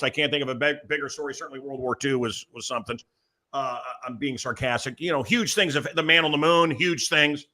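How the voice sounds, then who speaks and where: A man hosting a talk show, speaking in animated, emphatic bursts with quieter asides. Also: fairly high pitch. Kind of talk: excited talk show chat.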